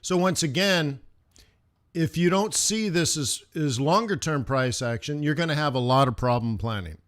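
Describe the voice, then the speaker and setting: A man with a slightly high voice, teaching a live trading session. He talks straight to his viewers in a casual way and fires off quick questions. He often chants price moves in short rhythmic bursts. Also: a bit bright. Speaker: forex trading instructor.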